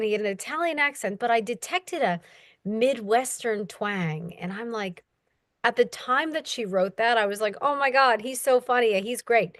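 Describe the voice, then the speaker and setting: A young woman speaks in a relaxed interview, telling stories about narrating an audiobook. She animates quoted voices with sudden high jumps in pitch. The sound is close and dry, with no room around her. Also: no echo. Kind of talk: casual interview talk.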